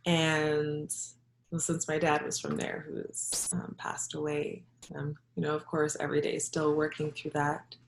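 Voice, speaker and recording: A woman with a low voice, roughened by vocal fry, tells a personal story from her childhood. She talks reflectively and haltingly, with soft laughs. Her voice echoes around the room. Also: completely flat delivery, slight background noise. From Jamaica. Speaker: holistic health practitioner and yoga instructor.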